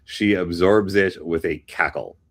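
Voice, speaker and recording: A man's voice: sits low, unhurried. A man hosting a script workshop, reading scripts aloud and making dry, wry asides.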